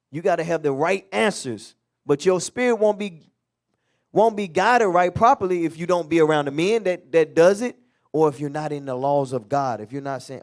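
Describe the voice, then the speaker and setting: A man's voice: a little high, darkish tone. A man leading a Bible class in a loose, conversational preaching manner, acting out everyday quotes. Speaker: teacher. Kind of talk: street-style Bible class teaching.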